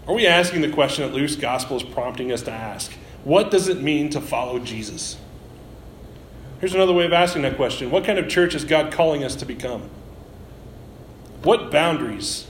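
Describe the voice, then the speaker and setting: A man's voice: fairly high pitch, lively intonation, normal speed. A man preaching a sermon, telling a story vividly and closing with reflective questions. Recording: roomy echo, faint noise.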